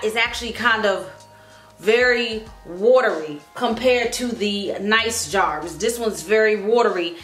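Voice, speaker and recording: A woman's voice: medium pitch, fairly bright tone. Chatty woman vlogging in an echoey room. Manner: chatty and dramatic, squeals and laughs. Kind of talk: casual vlog talk to camera. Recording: echoey room with background music.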